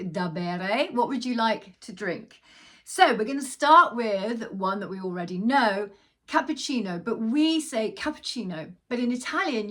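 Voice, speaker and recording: Woman online teacher, kinda high clear bright voice, chatty, stretches out the words to repeat. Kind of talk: casual language lesson.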